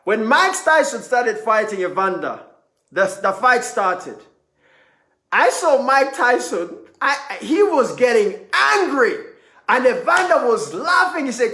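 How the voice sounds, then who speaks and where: A man giving a motivational sermon, telling a story with rising intensity and shouting at the peaks. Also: very high voice, sing-song, unhurried, reverberant. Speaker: speaker.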